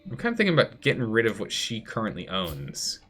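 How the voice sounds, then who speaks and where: A man's voice: lowish voice, huge pitch swings, fast talker, a bit bright, slightly rough, soft background music. A man streaming a strategy game live, chatty, thinking aloud and answering chat as he plays. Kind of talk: live gameplay commentary.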